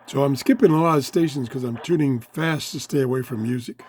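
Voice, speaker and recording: A man with a voice going hoarse, chatting excitedly as he tries out a small radio in his home office. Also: mid-range voice, fairly quick, heavy background noise. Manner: chatty, easily excited, talks while fiddling. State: losing his voice, throat-clearing. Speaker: radio reviewer. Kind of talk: casual hands-on product review. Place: home office full of electronics.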